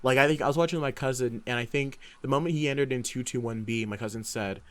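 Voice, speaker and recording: A man's voice: medium pitch, fast, fairly bright tone. A young man co-hosting a casual podcast, rambling eagerly and acting out his own reactions. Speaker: podcast co-host. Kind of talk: casual chat.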